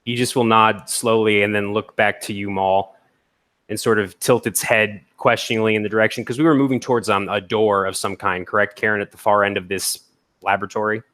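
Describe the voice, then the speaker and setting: Guy at a tabletop game, lowish voice, laid-back, narrating his character's moves. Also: steady tone, a little fast, fairly bright tone. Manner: casual, checking with the game master. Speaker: player. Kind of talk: describing his character's actions.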